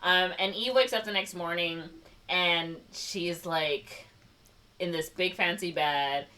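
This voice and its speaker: A woman co-hosting a podcast, telling a movie's plot in a loose, filler-heavy way with quick quoted voices. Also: lowish voice, pushed and bright, recorded from a distance. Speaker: podcast co-host. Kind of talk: casual movie recap.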